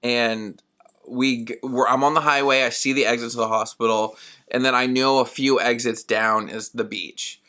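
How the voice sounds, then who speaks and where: Bright-voiced young man rambling animatedly. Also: medium pitch, normal speed. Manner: rambling and animated, heavy use of "like"; acts out his own past words in quoted asides. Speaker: podcast host. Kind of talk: solo podcast storytelling.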